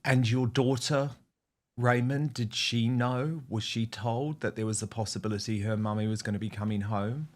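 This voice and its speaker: A man's voice: mid-range voice, steady tone, moderate pace. British male talk show host. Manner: upbeat salesy delivery, then direct questions. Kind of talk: read sponsor ad and interview.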